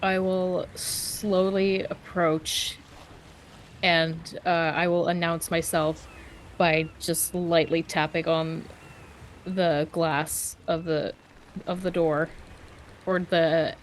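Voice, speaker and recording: A woman's voice: on the low side, flat delivery, slow, long pauses, a little hiss or hum. A woman playing a tabletop game, describing her actions carefully and hesitantly. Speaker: player.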